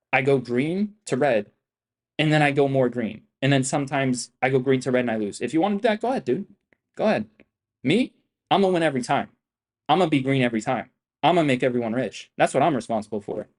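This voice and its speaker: A man's voice: mid-range voice, brisk. A young man trading on a livestream, talking in a brash, profane, rambling and repetitive way. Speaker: livestream trader. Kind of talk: boastful livestream chat.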